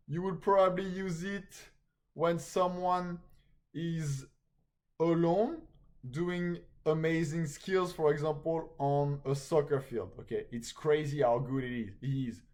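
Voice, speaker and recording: Man, fairly high voice, lively live-class slang teacher who keeps asking "okay?". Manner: animated, repeats "okay?" after each point.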